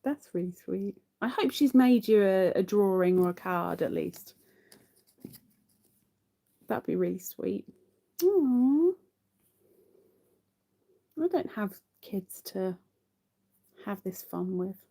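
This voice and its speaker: A woman's voice: medium pitch, measured pace, gravelly, long pauses, warm tone. A woman hosting a live crochet stream, chatting casually to viewers while she counts her stitches.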